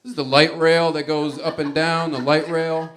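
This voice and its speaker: A man's voice: on the high side, little pitch movement, normal speed, fairly bright tone. A man doing stand-up comedy, telling a loose, rambling story with restarts and fillers and making wry asides to the audience.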